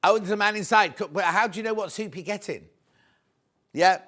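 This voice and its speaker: A man hosts live TV selling and keeps up a bright, chatty patter. His voice sits a little high for a man. He greets viewers by name and keeps urging them to buy before stock runs out. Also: a little fast. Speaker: shopping channel presenter.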